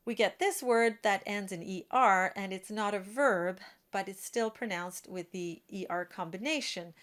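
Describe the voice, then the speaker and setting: Woman teaching French diction, careful and clear. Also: mid-range voice. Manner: clear, careful teaching, slows to model example words.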